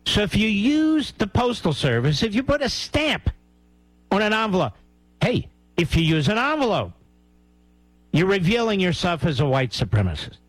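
A man's voice: sits high, big pitch swings, moderate pace, no room sound, poor audio. A man hosting a talk radio show, giving heated, sarcastic and mocking commentary.

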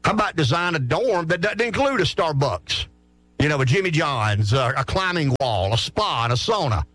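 A middle-aged man hosts a sports talk show, his voice climbing and dropping all over the place as he pushes blunt opinions. He trips over his words and restarts a lot, and his voice sits slightly high with a dry, close sound. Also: moderate pace, no room sound. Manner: blunt, animated, stammering restarts. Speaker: radio talk show host.

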